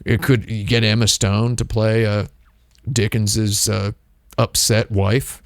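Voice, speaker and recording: Rambling low-voiced man chatting on stream. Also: little pitch movement, takes it slowly, no room sound, clean studio sound. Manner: rambling, self-interrupting, wry asides. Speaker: streamer host. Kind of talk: casual livestream chat.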